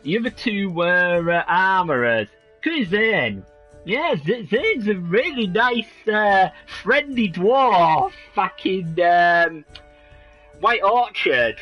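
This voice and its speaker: A man's voice: high voice, expressive, slow pace, muffled recording. A man streaming a video game, chatting in rambling, joking asides. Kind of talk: casual game commentary. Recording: voice over game music.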